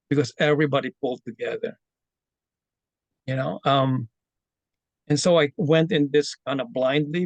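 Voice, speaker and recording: A man from the Philippines with a Filipino accent, sharing a personal story in an online session, earnest and halting with many fillers and restarts. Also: on the high side, vocal fry, no room sound, muffled recording. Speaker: community member sharing his story. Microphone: video call.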